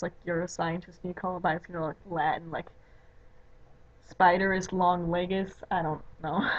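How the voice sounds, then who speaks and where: A young woman from the Chicago area with a Chicago accent, chatting casually in a home video, rambling with lots of "like" and "you know". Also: on the low side. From Chicago area, USA. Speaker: vlogger. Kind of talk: casual chat. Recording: dull lo-fi webcam audio.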